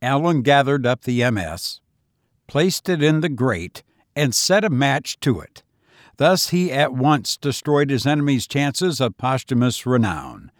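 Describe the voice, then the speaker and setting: Male narrator, steady storybook reading, mid-pitched, dead-dry recording. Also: dry recording. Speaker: audiobook narrator. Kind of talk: scripted narration.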